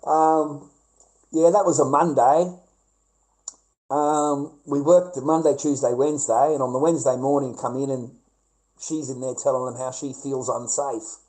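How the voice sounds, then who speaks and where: A man's voice: medium pitch, fairly even intonation, a little slow, darkish tone, poor audio. A middle-aged man with an Australian accent, telling a rambling, repetitive, profane story to camera. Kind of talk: casual rant to camera.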